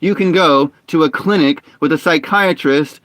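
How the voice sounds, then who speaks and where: A young man streaming a game, talking in a ranting, opinionated way with halting restarts and frustrated outbursts. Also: a little high, a bit bright, no room sound. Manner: halting restarts and repeated words. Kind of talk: casual live-stream talk while gaming.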